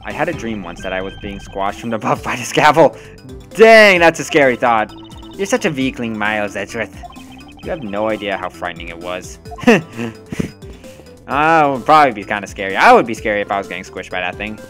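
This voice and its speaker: A man giving excitable, loud gaming commentary on a story game, laughing and cursing as he plays. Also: fairly low pitch, a little fast, soft background music. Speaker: let's play host.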